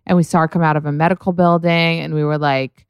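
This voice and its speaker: A woman's voice: sits low, little pitch movement, fast talker, clean tone, no room sound, clean studio sound. A young woman hosting a podcast in casual chat, gushing, swearing a lot and saying "like" constantly. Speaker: podcast host.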